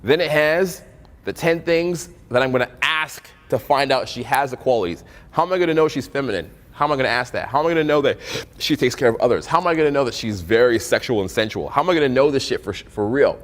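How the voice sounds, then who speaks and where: Profane, animated male dating coach. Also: medium pitch, fast, long reverb tail. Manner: profane, animated, acts out both sides of conversations. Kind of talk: casual storytelling talk.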